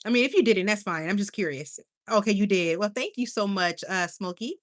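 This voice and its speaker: A chatty woman hosting a late-night livestream, talking straight to viewers and reading out their comments. She laughs a lot and stumbles over her words, with an easy, tired warmth in how she rambles. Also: medium pitch, a little fast. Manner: chatty and animated, laughs often, stumbles and restarts.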